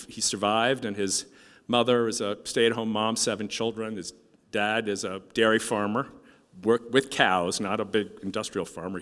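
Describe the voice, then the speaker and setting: A man giving a heartfelt speech at a conference, telling a story with halting restarts and fillers, his voice sometimes dropping soft with emotion. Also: on the low side. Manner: moved, voice dropping soft at times. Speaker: keynote speaker. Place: conference hall. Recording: hall reverb from a stage speech.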